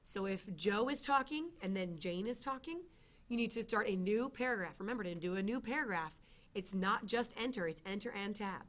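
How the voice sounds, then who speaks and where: A woman's voice: mid-range voice, fairly bright tone. A woman teaching a writing lesson, explaining step by step and checking in with her students. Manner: explains step by step, often asks "okay?".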